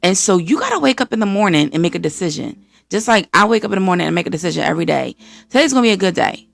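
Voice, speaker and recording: An American woman from the East Coast hosting a podcast, giving an energetic, preachy faith-based motivational talk and acting out voices of the people she quotes. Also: on the low side, racing, creaky, no echo, faint music behind. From East Coast of the United States. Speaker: podcast host.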